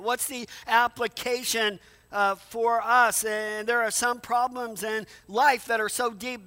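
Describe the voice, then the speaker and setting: A man's voice: sits high, sharp tone. A man preaching a sermon in a conversational way, often repeating words and asking rhetorical questions. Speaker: pastor.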